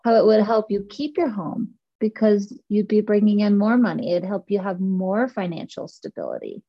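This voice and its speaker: A woman coaching a client, calmly reflecting back her fears and guiding her through a belief exercise. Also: mid-range voice, moderate pace, highs cut off. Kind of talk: coaching session.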